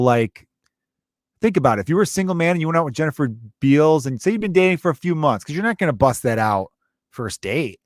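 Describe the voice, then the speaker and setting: A man's voice: fairly high pitch, dry recording, studio quality. A man hosting a podcast, chatting casually and telling stories, swearing now and then. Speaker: podcast host. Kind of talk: casual chat.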